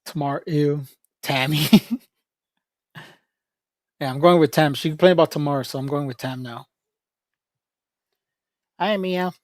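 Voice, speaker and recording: A man's voice: fairly high pitch, steady tone, normal speed, pauses often, a little mellow, no echo, clean studio sound. A man livestreaming in a casual, rambling chat, joking with viewers, laughing often and calling people "bro".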